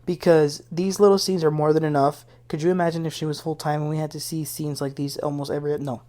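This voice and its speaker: A woman's voice: sits low, level tone, fast talker, dark tone. A woman hosting a casual reality TV recap, talking in a blunt, opinionated, gossipy way. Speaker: TV recap host.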